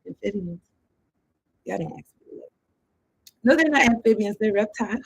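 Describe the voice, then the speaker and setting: A woman's voice: medium pitch, lively intonation, moderate pace, creaky, a little hiss or hum, rough recording. A woman giving a casual tarot reading. She rambles and thinks aloud in loose slang, with some swearing. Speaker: tarot card reader.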